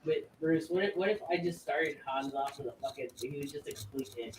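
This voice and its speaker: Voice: medium pitch, brisk, few pauses, slight background noise. A player at an online tabletop game who keeps cracking jokes. The voice comes from a distance in a roomy space, with faint background ambience. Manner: joking, laughs often. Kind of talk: casual banter at a game.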